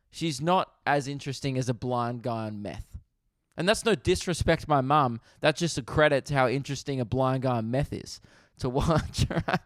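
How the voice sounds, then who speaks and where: A young Australian man hosting a podcast, telling a comedic story with animated swearing and laughter. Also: a little high, dry recording, clean studio sound. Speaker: podcast host.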